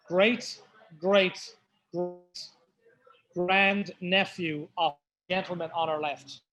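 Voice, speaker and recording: Heard on a rough recording, a man from County Mayo, Ireland, with a high, fairly bright voice and a Mayo accent, hosts a whiskey tasting at a pub. His talk with the group is casual, dotted with loose storytelling asides.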